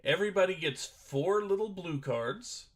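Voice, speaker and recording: A man's voice: sits high, expressive, moderate pace. Man, casual stream chat, explaining game rules, hesitant, thinking aloud, desk mic, typing behind. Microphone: desk microphone at a computer.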